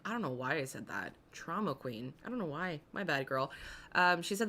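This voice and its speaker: A woman with a low-set voice hosts a casual live commentary stream. She talks in a loose, chatty way and swears freely. She keeps greeting viewers in the chat by name between her remarks. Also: big pitch swings, moderate pace, sharp tone, a little hiss or hum.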